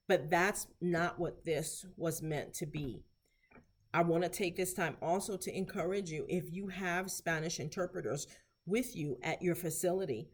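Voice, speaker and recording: Slow-drilling woman teacher, lowish voice. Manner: patient, repeats phrases slowly for practice. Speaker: therapy clinician teaching Spanish. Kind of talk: instructional video lesson.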